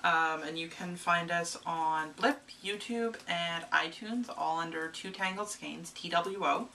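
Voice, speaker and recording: A woman's voice: on the low side, measured pace, pushed and bright. A woman co-hosting a casual knitting podcast, playful and rambling, with many "um"s. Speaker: podcast co-host. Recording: distant mic with faint room noise.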